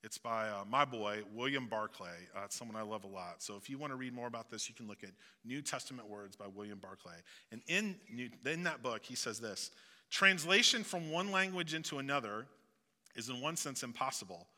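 Male pastor, southeast missouri accent, very bright forceful voice, sermon with long church reverb. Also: mid-range voice, lively intonation, brisk. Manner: conversational, joking asides. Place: church sanctuary.

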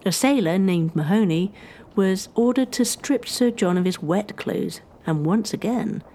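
Mellow woman narrating history. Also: medium pitch, expressive. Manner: measured storytelling.

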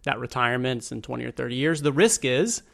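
A man's voice: medium pitch, a little fast, vocal fry, fairly bright tone. A man explaining money and risk as a regular guest on a radio interview, in a patient, plain way. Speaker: financial adviser guest.

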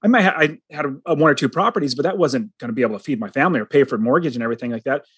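A man's voice: mid-range voice, expressive, rapid-fire, fairly bright tone, breathy edge, dry recording. A middle-aged man telling his personal story as a guest, earnest and dramatic, acting out the lines he quotes.

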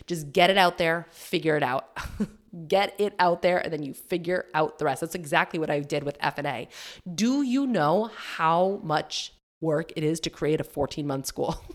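A woman hosting a solo business podcast, chatty and animated, often acting out her own inner voice with fillers and laughs. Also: sits low. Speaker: podcast host and business coach.

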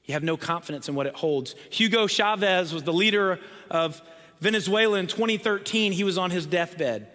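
Emphatic preacher in a reverberant hall. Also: male voice, high voice, normal speed, bright, forceful tone. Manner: emphatic, repeats for emphasis, drops to near whisper. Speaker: pastor. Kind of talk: sermon.

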